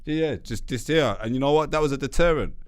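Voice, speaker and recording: A man's voice: mid-range voice, fast talker. A man hosting a casual chat, backing up his guest with constant agreement and crude jokes. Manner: constant "yeah yeah" backchannel, laughs, crude jokey interjections. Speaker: host.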